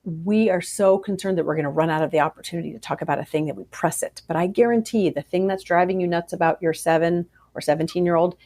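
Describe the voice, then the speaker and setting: A woman psychologist answering interview questions about parenting, animated and acting out the voices of parents and kids. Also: lowish voice. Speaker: child psychologist guest.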